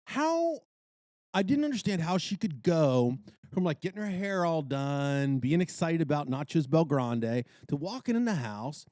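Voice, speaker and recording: Animated storytelling man, lively pitch. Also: measured pace, dry recording, studio quality. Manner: animated storyteller, exclaiming as he retells. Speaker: podcast co-host. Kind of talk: casual chat.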